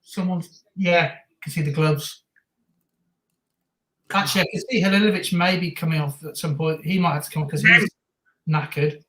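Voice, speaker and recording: A woman co-hosting a football watch-along stream, chatting in a lively way, laughing and shouting at the match. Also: deep voice, normal speed, pauses often. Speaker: stream co-host. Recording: roomy echo.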